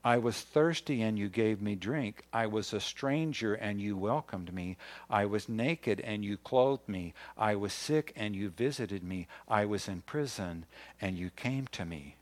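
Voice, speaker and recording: A man's voice: lowish voice, measured pace. Man preaching a sermon. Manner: reads scripture aloud, rising in emphasis on key points. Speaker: pastor.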